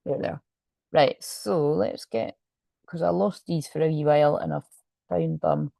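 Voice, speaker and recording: Scottish woman, tarot reader, casual and rambling, low-ish voice, dry close recording. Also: steady tone, measured pace, creaky, warm tone, no room sound. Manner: rambling, chatty, swears freely. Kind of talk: casual tarot reading to viewers. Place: room at home.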